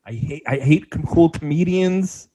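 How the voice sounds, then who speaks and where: A man's voice: a little high, unhurried, warm tone, husky, poor audio. A young man from the South Bronx, co-hosting a podcast in a sarcastic, ranting chat. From South Bronx, New York. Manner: ranting, sarcastic, mocks slang in put-on voices. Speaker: podcast co-host. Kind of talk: casual comedic chat.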